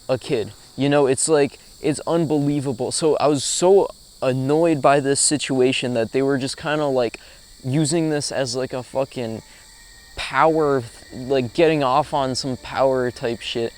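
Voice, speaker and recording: A man's voice: medium pitch, measured pace, clear, resonant tone. A young man vlogging outdoors, telling a story casually with lots of swearing and filler words, recorded on a camera mic. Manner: profane, animated storyteller with frequent fillers. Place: outdoors in a rural spot with insects.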